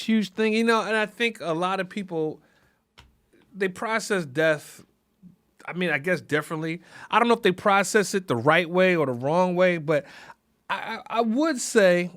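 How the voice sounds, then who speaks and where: A man's voice: sits high, fairly bright tone, dry recording, studio quality. A man hosting a podcast, talking in a rambling, reflective way with many fillers. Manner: rambling, frequent fillers, laughs through grief. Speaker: podcast host. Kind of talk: casual reflective monologue.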